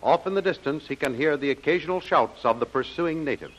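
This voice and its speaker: A man giving dramatic, measured scripted narration for an old radio serial. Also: on the high side, lively intonation, slight background noise. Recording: muffled old radio recording.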